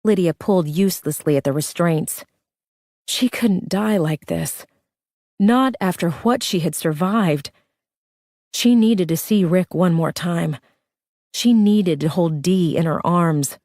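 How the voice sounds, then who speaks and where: A woman's voice: on the low side, slow pace, darkish tone, no room sound, clean studio sound. A woman narrating a thriller audiobook with a tense, urgent reading.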